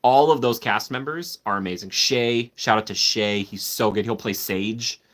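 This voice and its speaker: A man's voice: fairly low pitch, normal speed, a bit bright. A man hosting a live stream, chatting casually and enthusiastically, answering viewers by name and laughing often.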